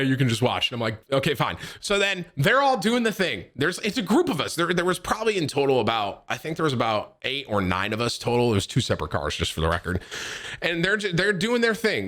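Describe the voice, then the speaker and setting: Animated, cursing male streamer. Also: medium pitch. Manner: animated, profane, acts out quotes in raised voice. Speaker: streamer telling a story. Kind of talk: casual storytelling to chat.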